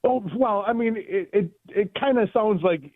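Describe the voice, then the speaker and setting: A man calls into a radio show and rambles with many restarts. His voice is high, and it comes through a tinny phone line. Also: moderate pace, no room sound. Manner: rambling, stumbling, chuckling. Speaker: radio caller. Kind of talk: casual phone-in chat.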